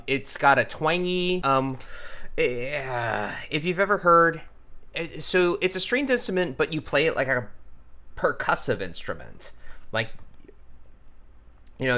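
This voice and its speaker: A man's voice: mid-range voice, sharp tone. A man talking casually as he draws, thinking aloud with lots of ums while he explains character voices. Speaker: character designer and voice artist. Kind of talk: casual drawing and voice tutorial.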